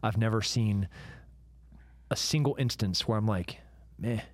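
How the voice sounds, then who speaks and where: A man hosting a podcast interview in a measured, emphatic way. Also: lowish voice, dry recording. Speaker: podcast host. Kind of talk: casual interview chat.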